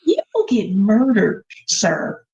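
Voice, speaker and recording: A woman co-hosting a casual TV review chat, blunt and excitable, cutting in. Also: medium pitch, slow. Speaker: podcast co-host. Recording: dull lo-fi mic.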